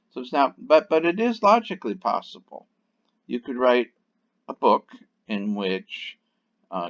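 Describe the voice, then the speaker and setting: Deep-voiced man giving a casual logic lecture. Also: a bit bright, lo-fi sound. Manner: unscripted explaining with frequent fillers and restarts. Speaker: logic teacher. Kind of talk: recorded online lecture.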